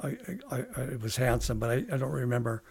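A man, a veteran guest on a podcast, telling a long story in a halting way with many restarts. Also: medium pitch, fairly even intonation, gravelly, a little mellow. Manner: halting, with frequent restarts and fillers. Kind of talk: casual storytelling interview.

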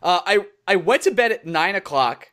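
A young man co-hosting a podcast, telling a story in casual chat and acting out quotes with a lively voice. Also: moderate pace. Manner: animated, acts out quotes in higher voice. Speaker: podcast co-host.

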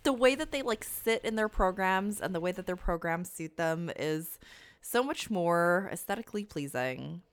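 A woman's voice: fairly low pitch, expressive, normal speed, clear, resonant tone, no echo. A young woman co-hosting a podcast, chatting casually and joking with giggles. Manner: giggly, playful jokes. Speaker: podcast co-host. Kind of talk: casual chat.

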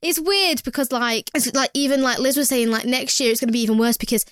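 A woman's voice: high voice, fast talker, no room sound, studio quality. A young woman, an emotional nursery worker chatting casually with lots of fillers. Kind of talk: casual chat.

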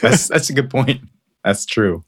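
A man co-hosting a podcast, telling stories in a relaxed, self-deprecating way. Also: mid-range voice, unhurried, husky. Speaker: podcast co-host. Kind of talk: casual podcast chat.

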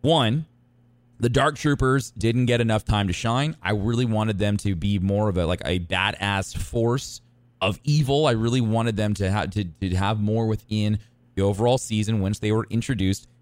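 A man co-hosting a podcast, talking excitedly in a casual, rambling way, with lots of restarts and fillers. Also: fairly low pitch, normal speed, no room sound. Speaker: podcast co-host. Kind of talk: casual chat.

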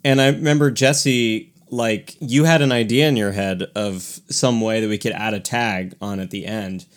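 A man's voice: fairly low pitch, fairly even intonation, normal speed. A man co-hosting a casual podcast, speaking expressively, sometimes singing phrases and reading listener mail aloud. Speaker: podcast co-host, musician. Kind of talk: casual chat.

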